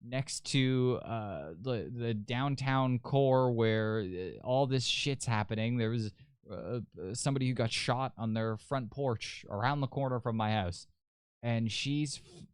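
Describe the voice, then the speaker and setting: A man's voice: mid-range voice, measured pace, clean tone, dry recording, clean studio sound. A young man hosting a podcast, telling a story in a loose, rambling, profane way. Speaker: podcast host. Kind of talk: casual storytelling.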